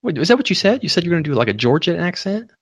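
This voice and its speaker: A man with a gravelly voice whose pitch swings all over as he talks. He teases and coaches in quick bursts, cursing casually. His voice sounds close and dry. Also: sing-song, no echo. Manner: rapid, profane, teasing. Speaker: host. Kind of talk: casual chat.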